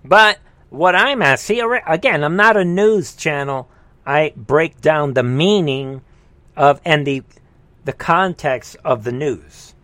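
A man's voice: a little high, animated, slow pace. Emphatic man hosting political commentary. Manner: emphatic, sarcastic, jumps between loud exclamations and muttering. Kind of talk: live-streamed political commentary.

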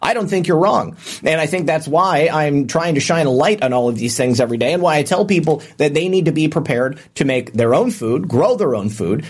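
List: man, livestream host, slightly high pitch, casual comment-reading commentary, hesitant fillers. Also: slightly rough. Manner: hesitant, many filler restarts.

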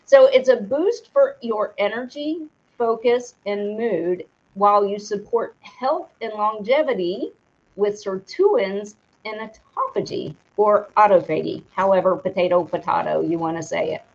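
A woman's voice: mid-range voice, lively intonation, unhurried, a little mellow. A woman co-hosting a live show, reading product details aloud, tripping over hard words and laughing at herself. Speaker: co-host reading a sponsor segment. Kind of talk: casual live-stream talk. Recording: dull lo-fi stream audio.

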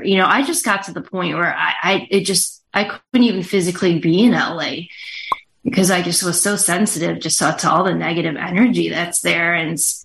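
A woman talking as a show guest, halting and earnest, full of fillers and restarts. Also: fairly low pitch, vocal fry, a bit bright. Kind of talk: casual interview talk.

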